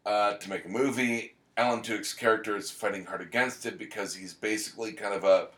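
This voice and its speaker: A man co-hosting a podcast, chatting casually, rambling and joking through quick tangents. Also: lowish voice, steady tone, fairly bright tone, reverberant. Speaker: podcast co-host. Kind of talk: casual chat.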